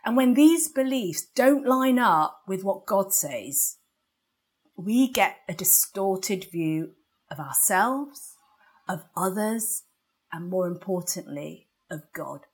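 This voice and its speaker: An English woman delivers a sermon at an unhurried pace. Her tone is conversational, and she keeps asking the congregation for an amen. She often laughs lightly at her own asides. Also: medium pitch, expressive, slightly rough. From England. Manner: conversational, asks the congregation for amens, laughs at herself. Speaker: preacher.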